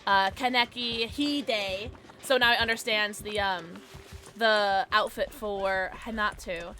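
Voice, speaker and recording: A woman streaming a game, chatting casually with viewers in an excitable way, with sudden high yelps and laughs. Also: slow. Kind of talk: casual livestream chat while gaming. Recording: game music behind the voice. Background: game music.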